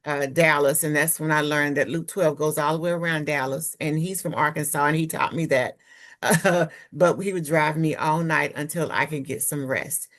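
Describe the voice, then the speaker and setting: A woman with a low, deep-set voice leads a webinar on trauma healing. She talks candidly and personally, drawing on her own experience, and her voice comes through a computer mic on a video call. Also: fairly even intonation, moderate pace, a bit bright. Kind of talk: webinar presentation.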